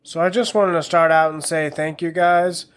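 A man's voice: fairly high pitch, steady tone, normal speed. A man of around thirty hosting a casual solo podcast, talking in a wry, self-mocking way with crude jokes. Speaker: podcast host.

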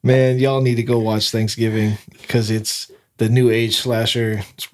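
A man's voice: medium pitch, flat delivery. A man co-hosting a casual movie review chat, cracking crude jokes. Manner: joking, crude, quick punchlines. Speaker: podcast co-host.

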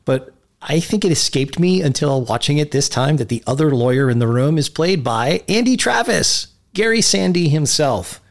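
A man's voice: a little high, expressive, moderate pace, gravelly, few pauses. A man hosting a podcast, chatting casually about a film in an enthusiastic, rambling way with frequent restarts. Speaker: podcast host.

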